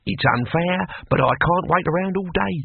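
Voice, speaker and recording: A man's voice: normal speed, vocal fry, husky, no echo, exaggerated voice. A man voicing a cheeky, cocky ancient barbarian who cackles and crows, in a dry, tinny recording. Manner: cackling, high and crowing. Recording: dry, tinny phone-like sound.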